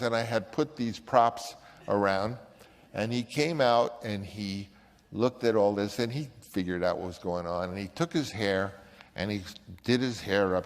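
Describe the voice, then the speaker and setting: A man's voice: lowish voice, long reverb tail. A man and film director telling a rambling anecdote, often stopping and restarting his sentences. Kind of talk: anecdotal storytelling.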